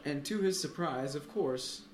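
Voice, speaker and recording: A man's voice: a little high, takes it slowly, poor audio. Man telling jokes, faint background hum. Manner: animated storytelling with laughs. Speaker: joke teller. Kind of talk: casual joke telling among friends.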